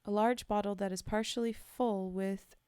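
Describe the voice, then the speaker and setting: A woman's voice: medium pitch, fairly even intonation, moderate pace, a little mellow, clean tone, no room sound, clean studio sound. A woman streamer reading a horror story aloud in a casual way, breaking off to chat with viewers and sometimes dropping to a whisper.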